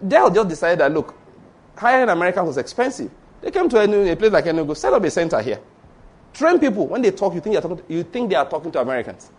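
A man's voice: sits high, big pitch swings, very fast, breathy edge. A middle-aged man with a Nigerian Yoruba accent, preaching a sermon in an emphatic storytelling way. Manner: storytelling, emphatic, repeats points. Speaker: pastor.

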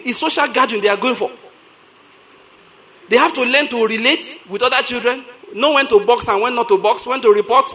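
A man's voice: very high voice, fast, pushed and bright. A man with a Nigerian accent preaching a sermon as pastor, telling stories animatedly, repeating lines for emphasis and laughing often.

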